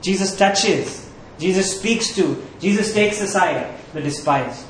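A man's voice: high voice, lively intonation, takes it slowly, hardly any pauses, slight background noise. A man preaching a sermon as pastor in a conversational, earnest way, often checking in with the listeners. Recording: roomy echo.

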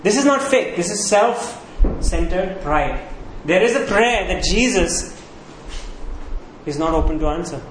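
A man preaching a sermon, asking rhetorical questions and repeating key words for emphasis. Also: sits high. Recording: echoey room, faint background noise.

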